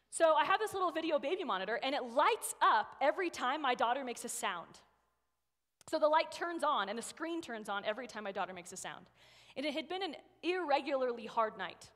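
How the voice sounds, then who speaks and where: In a church sanctuary with long, echoing hall reverb, a guest speaker in her thirties gives a sermon in a somewhat high, fairly bright voice. Her style is chatty and personal, built on stories, and she frequently asks "right?".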